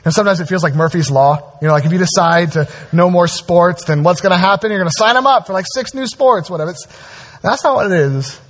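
A man preaching a sermon as pastor, animated and conversational, with frequent asides to the congregation. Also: high-pitched, quick pace.

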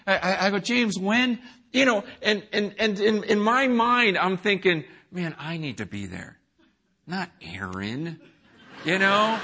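A middle-aged man preaching a sermon, telling a story with acted-out quotes that swing from hushed to shouting. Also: high-pitched. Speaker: pastor.

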